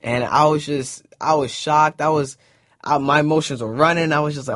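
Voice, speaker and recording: A man's voice: fairly high pitch, fairly even intonation, moderate pace, fairly bright tone, no room sound, clean studio sound. A young man recounting a personal story in a casual way, acting out what people said. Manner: casual, retells events by acting out quoted dialogue. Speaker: interviewee.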